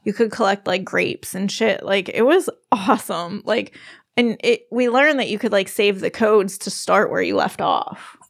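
Gravelly-voiced woman chatting casually. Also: mid-range voice, moderate pace, no room sound, clean studio sound. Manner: rambling, laughing often, frequent restarts. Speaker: podcast co-host, parent. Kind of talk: casual chat.

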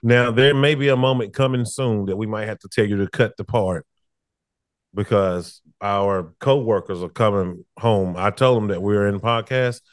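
A man's voice: lowish voice, moderate pace, dry recording, studio quality. A man guesting on a podcast in casual chat, easygoing and laughing as he tells stories.

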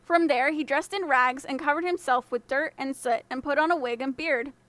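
A woman's voice: high-pitched, normal speed, fairly bright tone, dry recording. Woman narrating a fairy tale. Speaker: podcast storyteller.

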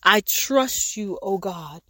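Woman praying out loud, slow and pleading, kinda high voice, repeats lines, dry close sound. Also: animated, dry recording. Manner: repetitive, pleading, rising to shouts, speaks in tongues. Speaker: prayer leader. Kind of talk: fervent spoken prayer.

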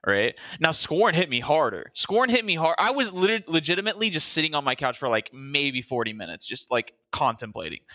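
A young adult man co-hosting a casual chat, animated, quick to laugh and often swearing. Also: on the high side, no echo, muffled recording. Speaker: podcast co-host.

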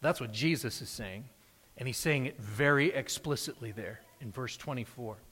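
A man's voice: medium pitch, normal speed, fairly bright tone, breathy edge. Earnest preacher man in a reverberant hall. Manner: earnest preaching, rising emphasis, frequent restarts. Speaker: pastor. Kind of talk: sermon.

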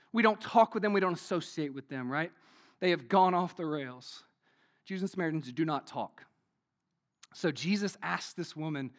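A man's voice: high-pitched, fairly bright tone. A man preaching a sermon in a conversational way, with many rhetorical questions, frequent "right?" tags and "y'all". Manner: says "y'all".

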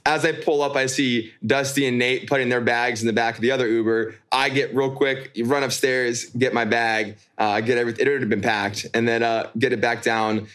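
A man's voice: medium pitch, fairly even intonation, brisk, few pauses, a bit bright. Man, podcast co-host, casual storyteller who laughs often. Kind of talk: casual chat. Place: New York.

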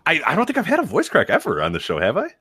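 A man's voice: on the high side, huge pitch swings, very fast, bright, forceful tone, breathy edge, no room sound. A man in his thirties co-hosting a podcast, chatting casually in a rambling way and laughing often. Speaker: podcast co-host. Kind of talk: casual chat.

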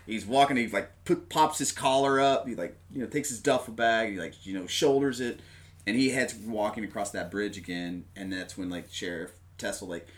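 A man chatting casually about a movie, rambling with lots of fillers and animated retelling of scenes. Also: on the low side, moderate pace, background noise.

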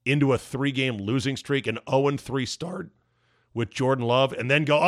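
Man, podcast host, ranting monologue, hoarse, emphatic, dry close sound. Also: medium pitch, moderate pace, no echo. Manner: emphatic, ranting, sarcastic asides. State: voice going hoarse. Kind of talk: opinion monologue.

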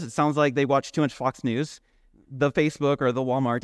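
A man's voice: mid-range voice, fairly quick, dry recording, clean studio sound. Man preaching a conversational sermon. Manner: conversational, many rhetorical questions. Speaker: pastor.

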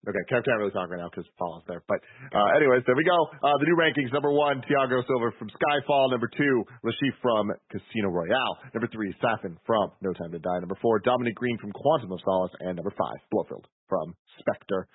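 A man hosting a podcast in casual chat, excitable, swearing loosely as he reads out listener reviews. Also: on the low side, fairly quick, few pauses, slightly rough, no room sound. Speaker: podcast host. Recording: tinny phone-like audio.

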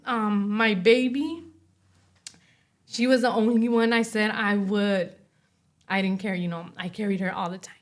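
A young woman speaking as an interview guest, giving a personal testimony in a soft voice full of "you know" and "like". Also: mid-range voice, measured pace, pauses often. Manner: soft-spoken, many fillers like "you know" and "like".

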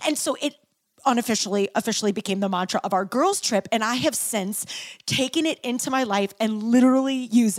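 Motivational podcast lady, kinda high voice, dry close sound, leans on every point then goes soft. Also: dry recording. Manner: earnest, repeats points for emphasis, says "like" and "right?" often. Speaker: podcast host and keynote speaker. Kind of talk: motivational talk.

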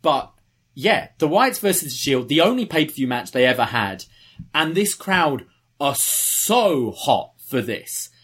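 A man's voice: on the high side, sing-song, a little slow, a bit bright, breathy edge. A man co-hosting a podcast, chatting casually and recounting wrestling history. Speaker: podcast co-host. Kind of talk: casual chat.

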